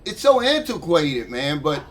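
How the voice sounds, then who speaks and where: An older man talks straight to camera in a loose, conversational vlog. He sounds fed up and heated, with a voice that sits a little high for a man. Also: sing-song, unhurried. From United States. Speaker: vlogger. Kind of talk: casual monologue to camera.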